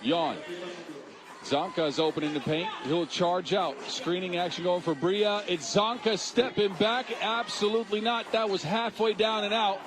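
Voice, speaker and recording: A man giving live play-by-play basketball commentary, getting excited and shouting at the big moments. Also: high voice, moderate pace. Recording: music playing loud behind the voice. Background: arena music.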